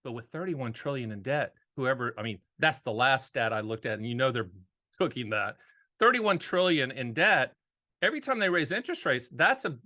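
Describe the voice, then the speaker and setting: High, bright-voiced energetic male host. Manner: energetic, jokey, repeats phrases for emphasis. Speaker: annuity agent and show host. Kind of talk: casual monologue to camera.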